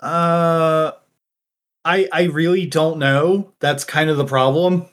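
A man's voice: on the high side, fairly even intonation, takes it slowly. Man hosting a tabletop game podcast. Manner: hesitant, stammering when put on the spot. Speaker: podcast host and player. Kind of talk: casual tabletop game chat.

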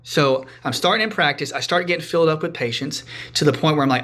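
A man's voice: a little high, fast talker, hardly any pauses. Chatty man telling a story. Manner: animated, chatty, many restarts and asides. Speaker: podcast guest, frequency medicine practitioner. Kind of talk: casual storytelling.

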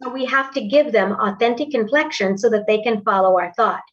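Woman voice coach, distant and lo-fi. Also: brisk. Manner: instructive, demonstrates pitch by counting aloud. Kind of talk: coaching a student through voice exercises.

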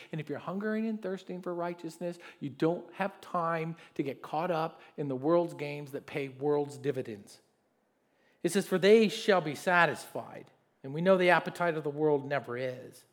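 A man preaching a sermon as pastor, telling stories and reading scripture, swinging from loud to soft. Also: high voice, moderate pace. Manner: reads scripture aloud, with fillers and restarts.

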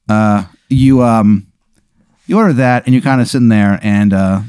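A man's voice: on the low side, darkish tone, clean tone, no room sound. Man storyteller, casual improv, lots of ums, dry close sound. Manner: halting, full of fillers, puts on voices for characters. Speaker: storyteller posing a hypothetical.

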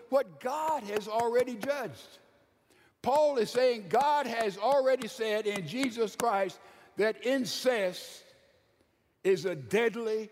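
A man with a high voice delivers an emphatic church sermon. He swings between loud, quick bursts and slow, hushed stretches. A long reverb trails his words through the hall. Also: expressive. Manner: emphatic preacher with wide swings in loudness and pace. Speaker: pastor.

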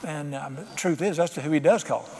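A man's voice: fairly high pitch, normal speed, creaky, a little mellow, long reverb tail, a little hiss or hum. A man preaching a sermon, telling a story and building to fervent emphasis. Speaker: pastor.

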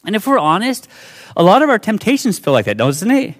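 Young male preacher, animated, a very lively voice, acts out dialogue in high whiny voices. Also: fairly quick. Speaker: pastor. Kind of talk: sermon.

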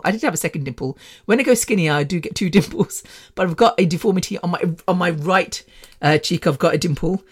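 A woman, hosting a casual solo podcast, rambling and laughing often. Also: lowish voice. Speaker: podcast host.

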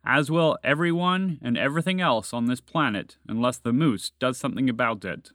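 A man doing a calm, wry orange dragon. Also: medium pitch, moderate pace, dry recording, clean studio sound, natural voice. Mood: matter-of-fact. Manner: gentle, shrugging, matter-of-fact.

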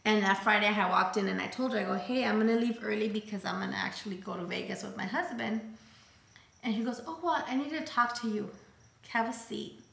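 Bright, gravelly woman telling her story. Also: medium pitch, fast, reverberant. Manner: switches between English and Spanish mid-sentence; acts out quoted voices, turns emotional. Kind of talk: casual personal storytelling.

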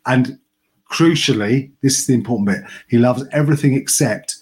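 A man's voice: medium pitch, moderate pace, darkish tone. A man hosting a music podcast, chatting casually and joking with a bit of swearing. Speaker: podcast host.

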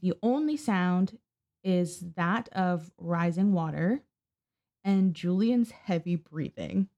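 A woman's voice: lowish voice, lively intonation, takes it slowly, dark tone, muffled recording. Chatty woman telling a true-crime story. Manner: chatty, profane, acts out quotes. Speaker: podcast co-host.

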